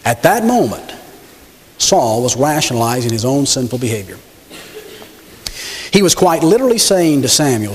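A man's voice: mid-range voice, big pitch swings, moderate pace, pauses often. A man preaching a sermon, telling a story emphatically and speaking directly to his congregation. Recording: long hall reverb.

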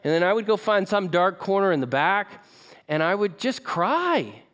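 A man's voice: high-pitched, sing-song, moderate pace, a bit bright. A man preaching, telling a personal story in a conversational, emotional way and asking the audience questions. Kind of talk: sermon storytelling.

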